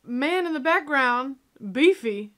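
A woman's voice: high-pitched, slow pace, slight background noise. Sassy young woman reacting to a movie. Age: young adult. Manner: sassy, excitable, talks back to the screen. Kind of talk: casual reaction commentary.

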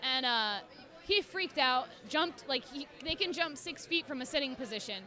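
Bright-voiced, high-pitched young woman. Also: normal speed. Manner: animated storyteller, acts out quotes in voices. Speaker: podcast guest, cosplayer. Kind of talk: casual chat.

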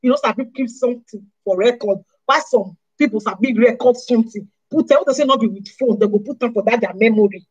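A woman with a Nigerian Pidgin accent, talking straight to her viewers in an animated, scolding way and firing off rhetorical questions. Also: fairly high pitch, fast talker, few pauses, breathy edge, highs cut off. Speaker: vlogger. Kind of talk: casual monologue to camera.

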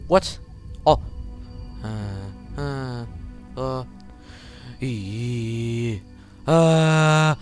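A man playing a voice-controlled game and talking to his viewers in a chatty, confused way, now and then breaking into loud high yells, with his mic held close to his mouth. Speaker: gaming YouTuber. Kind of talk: casual let's play commentary. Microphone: handheld mic held close to the mouth.

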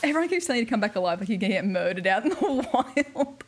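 A woman's voice: a little high, very animated, quick pace, soft background music. A young woman with an Australian accent, chatting casually and telling stories during a gaming livestream, laughing often. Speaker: streamer.

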